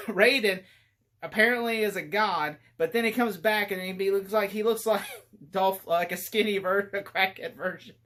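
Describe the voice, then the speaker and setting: A man giving a casual, rambling movie review, animated and laughing often as he talks. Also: high voice, normal speed.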